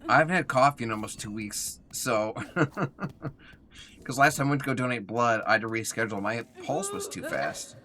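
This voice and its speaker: A man's voice: medium pitch, huge pitch swings, moderate pace, pushed and bright, a little hiss or hum. A young man chatting casually while live-streaming a game, reading chat aloud and sounding a bit tired and yawny. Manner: chatty, reads chat aloud, talks to himself while playing. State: yawning, tired.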